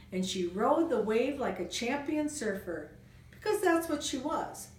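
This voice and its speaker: A woman reading a children's storybook aloud in a gentle, expressive storytelling manner. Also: a little high. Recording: roomy room, distant mic, faint noise.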